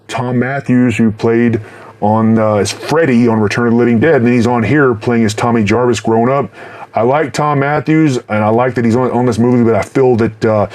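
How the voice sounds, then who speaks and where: A middle-aged man reviewing horror movies in a casual, rambling way, swearing constantly and breaking into loud laughs. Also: medium pitch. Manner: profane, rambling, bursts into loud laughs and shouts.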